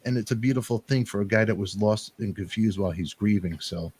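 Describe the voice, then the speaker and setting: Rambling middle-aged man, low voice. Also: brisk, slightly rough. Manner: rambling, animated storytelling with quoted voices. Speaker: talk show host. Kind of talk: emotional casual chat.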